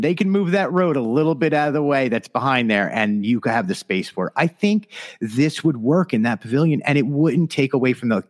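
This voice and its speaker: A man co-hosting a podcast in casual chat, animated and enthusiastic. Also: medium pitch. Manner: animated, breaks into a put-on Canadian voice. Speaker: podcast co-host.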